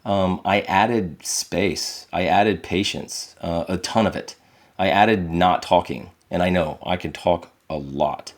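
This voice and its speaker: A man's voice: deep voice, fairly even intonation, takes it slowly. A middle-aged man, a podcast guest, telling candid, reflective stories about his parenting and acting out quotes in a raised voice. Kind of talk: candid conversational storytelling.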